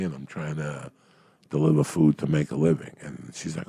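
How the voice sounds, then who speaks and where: A man, a comedian on a podcast, telling profane stories in a loud, crude, rowdy way with a gravelly voice. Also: very deep voice, a little fast. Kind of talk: profane storytelling.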